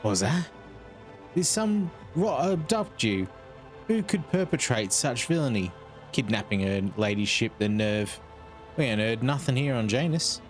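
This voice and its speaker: A man's voice: medium pitch, expressive, a little slow, lightly acted. Man putting on a fawning old peasant, rustic voice, humble, sniveling, faint music behind. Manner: rustic dropped-letter accent voice, fawning. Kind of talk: reading game dialogue aloud.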